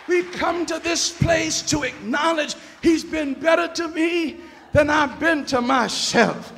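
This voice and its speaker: High gravelly shouting preacher in church. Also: male voice, slow, some chatter behind, slight background noise. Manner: whooping, call-and-response preaching with shouts. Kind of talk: fiery Black church sermon. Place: church sanctuary. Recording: long church reverb, organ and congregation behind.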